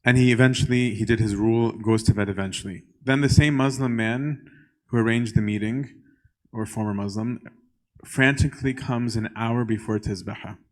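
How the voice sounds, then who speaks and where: A man, a priest, telling a church story in a conversational way, often checking in with the listeners and pausing on "um". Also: mid-range voice, steady tone. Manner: conversational, keeps checking in with "right?"; frequent filler "um".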